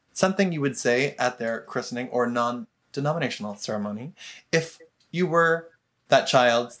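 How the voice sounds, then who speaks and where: A podcast host leading a casual celebrity gossip chat, playful and teasing, quick to laugh. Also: mid-range voice, fairly bright tone.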